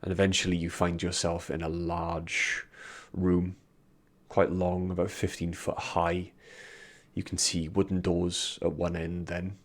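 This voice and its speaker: Gravelly deep-voiced British man narrating. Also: monotone, measured pace. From Britain. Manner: casual, swears, many ums and restarts. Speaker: dungeon master. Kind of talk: narrating a tabletop game.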